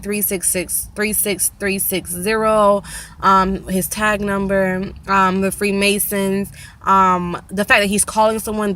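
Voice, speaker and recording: A young woman talking casually to camera in her own vlog, animated and opinionated, often restarting with fillers. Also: mid-range voice, slight background noise. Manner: animated, mimics slang in a raised voice. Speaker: vlogger.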